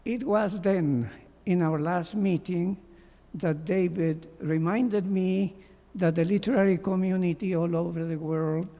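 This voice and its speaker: Man, memorial tribute, high voice, dark mellow tone, slow measured reading. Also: fairly even intonation. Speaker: memorial speaker, former doctoral student. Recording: long hall reverb.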